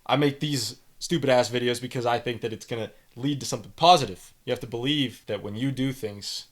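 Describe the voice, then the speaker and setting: A young man with a Canadian accent, hosting a podcast and reading student reviews aloud with blunt, animated commentary. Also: medium pitch, a little fast. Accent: Canadian English. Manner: blunt, animated, lectures with emphasis. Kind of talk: opinionated solo commentary.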